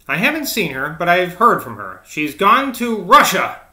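A man's voice: high voice, huge pitch swings, moderate pace, bright, forceful tone, roomy sound, voice pushed up, exaggerated voice. A man voicing a shy, flustered young schoolteacher woman in a storybook reading, speaking hesitantly.

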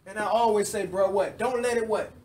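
A man's voice: sits high, fairly even intonation, brisk, a little mellow, far from the mic. A man teaching the Bible to a live group in a fervent sermon, repeating lines and drawing the listeners into call-and-response.

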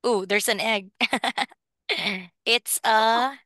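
Slow, bright-voiced woman teaching phonics. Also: fairly high pitch, fairly even intonation, dry recording, studio quality. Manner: encouraging, slow and clearly enunciated. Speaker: English teacher. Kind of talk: online phonics lesson with a child.

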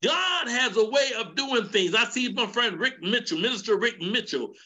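A middle-aged man, an elder preaching to a men's church gathering in a fervent cadence that climbs into shouts. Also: very high voice, expressive, moderate pace. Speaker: elder teaching a men's session. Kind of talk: sermon.

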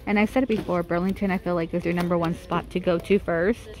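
A woman's voice: on the low side, fairly even intonation, fast talker, darkish tone. A woman vlogging a casual shopping walkthrough in a big store, chatting about prices and gushing over cute items as she films on her phone. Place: inside a large retail store.

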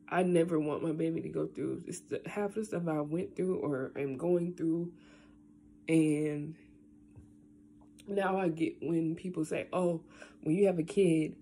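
A young woman talking casually into her camera at home, rambling and tearful, with lots of halting fillers. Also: low voice, warm tone, a little hiss or hum. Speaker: vlogger. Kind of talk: casual vlog, emotional talk then unboxing.

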